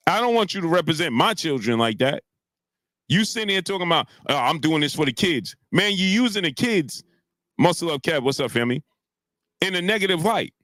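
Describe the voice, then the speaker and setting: A man hosting a boxing live stream, ranting heatedly with many filler sounds and shouting out chat viewers. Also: high-pitched, sing-song, fairly quick, dry recording. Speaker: boxing commentary host.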